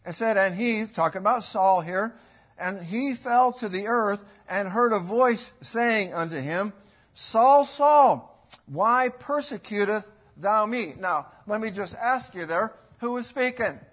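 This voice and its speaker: A middle-aged man preaching a sermon in a folksy, rambling way, rising to loud bursts when he quotes. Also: high voice, a little slow.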